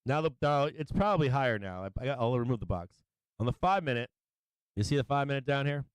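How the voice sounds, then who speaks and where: A man's voice: mid-range voice, lively intonation, fast talker, clear, resonant tone, dry recording. A middle-aged man hosting a casual stock market livestream, talking through charts, laughing often and swearing freely. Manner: laughing, sing-song chanting, swears freely. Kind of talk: casual live trading commentary.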